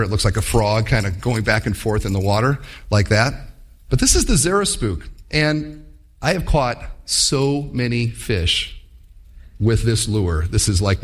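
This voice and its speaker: A man preaching a sermon, telling stories and acting out voices along the way. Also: mid-range voice. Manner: animated storytelling with acted-out voices. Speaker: pastor.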